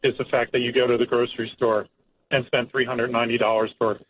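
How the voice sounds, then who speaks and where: Casting: male caller, flat delivery, tinny phone line with faint hiss. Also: medium pitch, fast. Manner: plain-spoken, frustrated.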